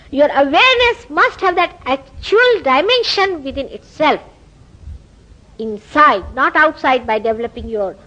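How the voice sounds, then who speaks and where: A woman's voice: fairly high pitch, dull audio. A woman with an Indian accent giving a spiritual lecture, telling stories and acting out quoted dialogue. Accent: Indian English. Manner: animated storytelling, acts out quoted dialogue. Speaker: spiritual teacher.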